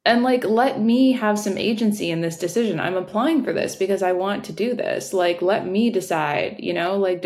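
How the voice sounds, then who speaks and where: A woman's voice: lowish voice, darkish tone. A woman in her thirties, a former founder, talking candidly and bluntly as a podcast guest, swearing freely. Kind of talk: casual podcast conversation.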